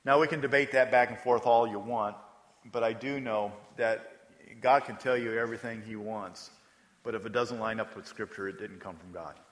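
A man's voice: lowish voice, fairly even intonation, normal speed, a bit bright, big-room sound. A man preaching a sermon as pastor, speaking conversationally and with emphasis, often putting questions to the congregation.

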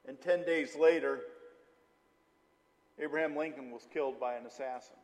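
A middle-aged man preaching a sermon, telling stories with lots of filler "uh"s and an animated delivery. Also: medium pitch, normal speed. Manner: storytelling, animated, with frequent "uh" fillers. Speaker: pastor. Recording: long hall reverb.

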